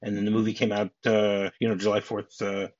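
A man's voice: fairly low pitch, monotone, brisk, darkish tone, dry recording. A middle-aged man hosting a podcast, chatting casually about a film in a rambling way with restarts and chuckling asides. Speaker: podcast host. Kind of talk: casual film-discussion chat. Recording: dull, dry home-podcast audio.

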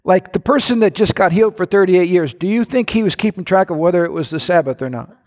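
A male pastor preaching a sermon in a church, animated and emphatic, with sudden bursts of shouting and playful mimicry. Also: high voice, fast talker. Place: church hall. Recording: echoey church hall.

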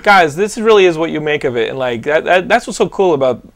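A young man hosts a podcast in loose, casual chat, his voice sitting a little high for a guy. He tells stories with lots of energy, trips over restarts and swears freely as he goes. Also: quick pace, gravelly. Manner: animated storytelling, heavy swearing, lots of likes and restarts. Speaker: podcast host.

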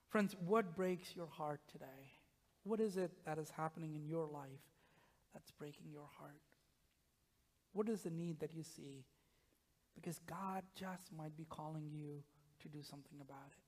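A man with a slightly raised pitch delivers a conversational sermon, talking straight to the congregation and often falling to a hushed near-whisper. His voice rings out in a long church reverb. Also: a little slow. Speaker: pastor. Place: church sanctuary.

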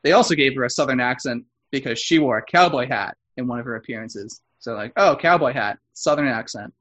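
A man's voice: medium pitch, a little fast, a bit bright. A man co-hosting a podcast, explaining details casually and correcting himself as he goes. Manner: explanatory, self-correcting, knowledgeable fan. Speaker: podcast co-host. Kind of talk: casual chat.

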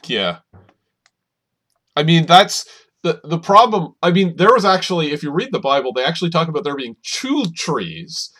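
A man co-hosting a podcast in casual chat, animated and steering the discussion. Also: on the high side, normal speed. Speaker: podcast co-host.

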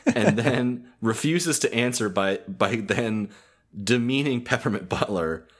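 A low-pitched young man talking through a cartoon episode in casual podcast chat. He hedges with ums, restarts his sentences and breaks into chuckles. His delivery is loose and unscripted. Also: lively intonation, measured pace. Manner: hesitant, many ums, laughs often. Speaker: podcast host.

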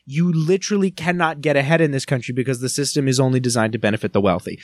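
A man's voice: medium pitch, fast talker, no echo, clean studio sound. A man co-hosting a podcast, talking at length with strong opinions in a casual chat. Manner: opinionated, talkative, riffs on pop culture. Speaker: podcast co-host.

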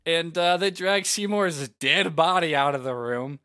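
A man's voice: a little high, a little slow, bright, forceful tone, clear, resonant tone, no echo, clean studio sound. A man co-hosting a podcast in loose, chatty talk, laughing often and swearing. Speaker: podcast co-host. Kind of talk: casual chat.

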